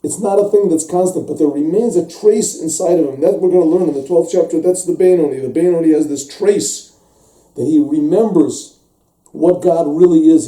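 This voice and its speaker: A rabbi teaches a religious text class, explaining at length in a voice on the high side with a dark tone, repeating words and acting out little dialogues. The recording sounds echoey, with the mic placed far off.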